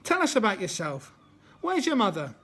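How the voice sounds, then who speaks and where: Man reading as a sneering young bully, taunting, pitched high. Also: wildly swooping pitch, normal speed, sharp tone, husky, full character voice. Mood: jeering. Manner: jeering, taunting. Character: scrawny mocking bully boy, sneering.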